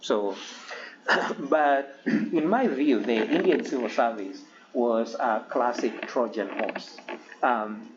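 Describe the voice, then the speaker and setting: A man giving a history lecture to a class, halting with many ums and frequent throat-clearing. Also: medium pitch. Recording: dull lo-fi recording with faint hiss.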